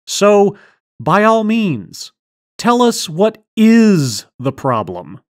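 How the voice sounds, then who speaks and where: A woman's voice: mid-range voice, very animated, drawn-out words, dry recording. A woman hosting a comedy skit in a mock mind-reader persona, talking in a theatrical, dry, sardonic way. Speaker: host.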